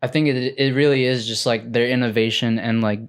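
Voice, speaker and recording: A man's voice: medium pitch, fairly quick, smooth. Laid-back young man, casual podcast chat. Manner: relaxed, full of "like" and "bro". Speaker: podcast co-host.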